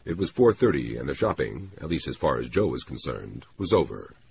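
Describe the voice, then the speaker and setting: A man doing scripted audiobook narration, expressive and voicing characters. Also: extremely low pitch, brisk, vocal fry, background noise.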